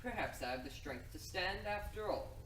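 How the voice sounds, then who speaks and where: A man playing a weakened young hero in a stage play, speaking slowly with mocking menace. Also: sits high, expressive. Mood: menacing. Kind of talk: amateur stage acting. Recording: echoey room from far off, noisy.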